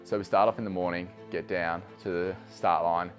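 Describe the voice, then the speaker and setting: A man's voice: low voice, fairly even intonation, normal speed, soft background music. An easygoing runner who chuckles as he talks in a casual interview. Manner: easygoing, chuckles while talking.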